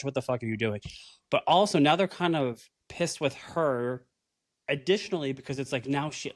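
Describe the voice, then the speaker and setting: Dry-voiced animated man recapping. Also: medium pitch, no room sound. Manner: animated, swearing, acts out quotes. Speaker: podcast co-host. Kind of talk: casual recap chat.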